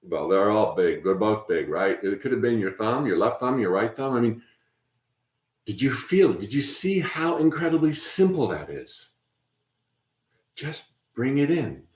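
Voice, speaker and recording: A man hosting a spiritual workshop, talking in a gentle, encouraging way with frequent fillers and restarts. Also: lowish voice, animated, a little slow, roomy sound. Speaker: workshop host. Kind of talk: guided spiritual workshop talk.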